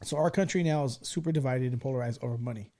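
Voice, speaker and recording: A man in his forties hosts a relaxed podcast chat, talking fast in a dark, mid-range voice. His storytelling is lively and full of casual profanity.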